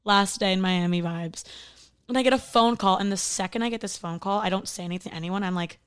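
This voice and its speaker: A young woman in her twenties co-hosts a casual podcast, speaking at a racing pace in a clean, mid-range voice. She's an animated storyteller, acting out what people said as she recounts a story.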